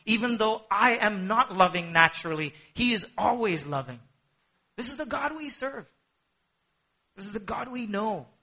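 Husky high-voiced guy preaching, goes soft then loud. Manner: animated preaching, swinging between hushed and emphatic. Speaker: pastor. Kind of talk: sermon.

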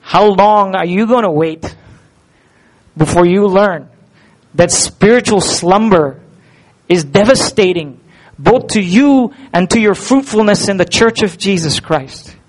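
A male pastor delivering a sermon, animated and full of rhetorical questions. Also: high voice, measured pace, low-quality recording.

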